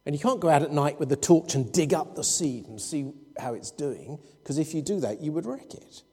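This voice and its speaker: Male preacher, mellow and husky, expository sermon style. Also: fairly high pitch, expressive, moderate pace, faint music behind. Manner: expository, with anecdotes and quoted dialogue. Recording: long hall reverb.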